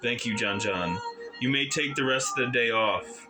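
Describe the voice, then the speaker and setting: A man's voice: medium pitch, normal speed, lightly acted. A man voicing a male ninja leader who issues missions in a formal, authoritative way. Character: commanding male ninja leader giving orders. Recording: background music under the voice.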